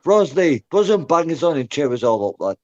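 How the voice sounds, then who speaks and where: A man's voice: on the high side, sing-song, fairly quick, a little mellow. Guy ranting on voice chat, swears a lot, "lad" "mate" every line, muffled lo-fi sound. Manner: sweary and rambling, ends phrases with "lad" or "mate". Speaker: guest on a voice-chat show. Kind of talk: rowdy casual chat. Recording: dull lo-fi voice-chat audio.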